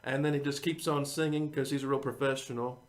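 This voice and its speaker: A man's voice: mid-range voice, level tone, brisk. A man, a singer-songwriter hosting his own show, rambling in casual chat to viewers and chuckling often.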